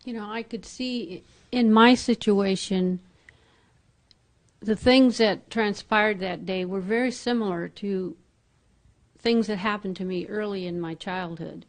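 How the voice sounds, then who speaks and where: A woman from the congregation giving a personal testimony in a halting, hesitant way. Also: mid-range voice, fairly even intonation. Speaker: congregation member.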